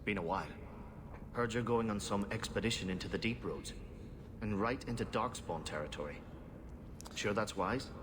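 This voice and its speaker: A man's voice: lowish voice, moderate pace, long pauses, natural voice. An actor playing a sly male poison-maker in a game, talking offhand to an old friend. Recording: game audio with background noise.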